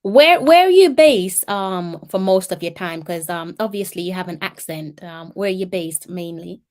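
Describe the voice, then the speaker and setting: A woman's voice: lowish voice, lively intonation, normal speed, darkish tone. A woman hosting a casual interview, hesitant and searching for her words. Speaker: channel host.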